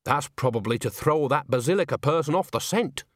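A man's voice: fairly high pitch, expressive, a little fast, no echo, studio quality, pitched above the performer's own voice. A man voicing a cheerful, mischievous, gossipy old witch woman. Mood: cheeky.

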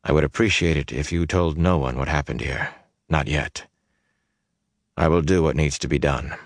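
A man voicing a wounded young hero, speaking quietly and wearily in an audiobook. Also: rumbling low, normal speed, no echo. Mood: weary. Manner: quiet, tired, subdued.

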